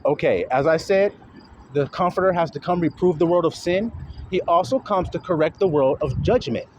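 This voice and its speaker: Animated preaching man, high lively voice. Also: moderate pace, highs cut off, a little hiss or hum. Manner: confrontational, profane, fires rhetorical questions; talks while walking. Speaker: self-styled religious teacher. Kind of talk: street preaching monologue.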